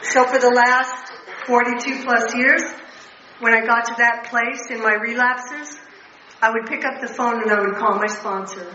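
A woman's voice: on the high side, steady tone, moderate pace, sharp tone, a little hiss or hum. An older woman speaking earnestly and bluntly about recovery to a meeting, heard from a distance in a large room. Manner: emotional, earnest, blunt with profanity. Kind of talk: personal recovery talk. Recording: distant, echoey, muffled hall recording.

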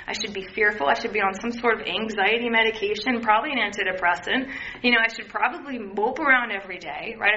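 A woman's voice: a little high, sharp tone. A woman in her thirties sharing a candid personal recovery testimony, earnest, and acting out quoted voices as she talks. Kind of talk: personal testimony, casual talk. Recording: dull lo-fi sound, faint noise.

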